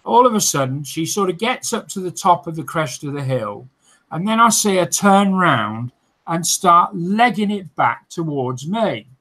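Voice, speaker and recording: Guy hosting a chatty livestream, slow and easygoing, lots of ums and laughs. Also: fairly high pitch, expressive, bright, forceful tone, rough recording. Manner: laughs often, chatty with many fillers and restarts. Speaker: host of a modelling livestream. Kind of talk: casual chat, reading out viewer comments.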